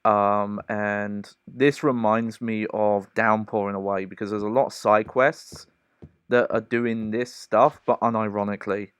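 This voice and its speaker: A man's voice: fairly low pitch, little pitch movement, a little slow, clean tone, no echo. A man giving casual commentary while streaming a horror game, chatty and laughing often, close to the mic.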